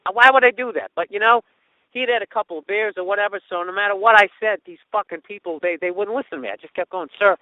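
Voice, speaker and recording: Comic host, high voice, swearing storyteller, tinny dry lo-fi sound. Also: male voice, fast talker, no room sound. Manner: profane, animated, does mocking voices of others. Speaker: comedian podcast host. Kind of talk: storytelling monologue.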